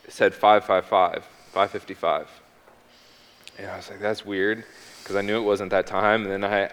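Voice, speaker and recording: With a fairly low pitch and a rather bright tone, a man gives his faith testimony as a stage guest. He speaks hesitantly, restarting and saying um a lot, and the hall's reverb rings on long after each phrase.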